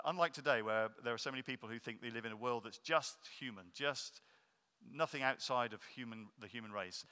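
A man preaching a sermon, explaining earnestly and slowing down to stress key points. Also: medium pitch, bright, forceful tone. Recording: long reverb of a hall.

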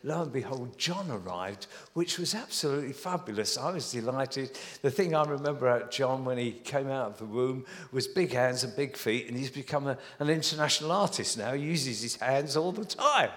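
A man's voice: mid-range voice, animated, normal speed, few pauses, a bit bright, big-room sound. A man, preaching a sermon in a conversational, storytelling manner with many small restarts. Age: 70s.

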